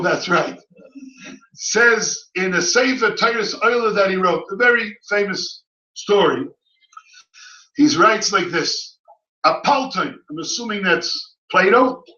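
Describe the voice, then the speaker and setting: Man, rabbi lecturing with fervor, echoey hall sound, dull and lo-fi. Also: high-pitched. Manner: impassioned storytelling, often shouting. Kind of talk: Torah lecture. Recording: echoey, distant, dull room recording.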